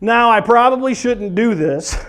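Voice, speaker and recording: This forties-aged man's voice is extremely high pitched and measured in pace as he performs comedy at a church event. He acts out stories animatedly, punctuating them with singing and screaming.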